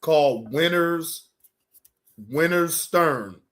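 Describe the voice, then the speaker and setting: Male streamer, high-pitched and tense, swearing and venting, then reining it in. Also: drawn-out words. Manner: heated, repetitive, keeps telling himself to calm down. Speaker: livestream reaction host. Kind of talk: profane livestream rant.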